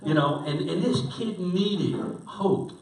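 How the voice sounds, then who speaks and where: Slow and high-voiced, a man preaches as a pastor, telling his story in a conversational sermon full of restarts and fillers. He sounds far off in an echoey church hall, with a crowd audible in the background.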